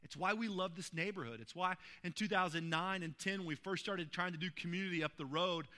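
A man's voice: high-pitched, fairly quick, bright, forceful tone. A man preaching a sermon as a pastor, earnest and building to emphatic peaks while telling personal stories in a church.

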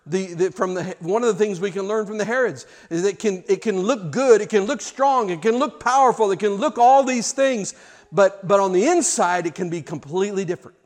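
A man preaching a sermon, telling stories with restarts and rhetorical questions. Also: sits high. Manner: storytelling with repeated words and rhetorical questions. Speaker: pastor.

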